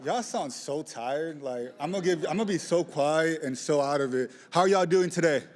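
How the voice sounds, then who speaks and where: A young man giving a lively lightning talk, joking with the audience and pushing them into call-and-response. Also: fairly high pitch, normal speed. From southeast side of Chicago. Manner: playful, rallying crowd call-and-response. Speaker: community organizer speaker. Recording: reverberant hall, live talk.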